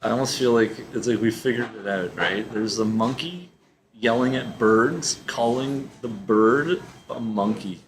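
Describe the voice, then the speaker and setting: A man's voice: medium pitch, unhurried, background noise. A man reacting to videos in a rambling, incredulous way, swearing often and trailing off into laughs. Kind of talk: rambling casual reaction commentary.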